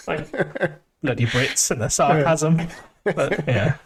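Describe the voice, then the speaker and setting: An English man co-hosting a casual podcast, joking and animated as he talks. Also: a little high, a little hiss or hum. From England. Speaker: podcast co-host. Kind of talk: casual chat.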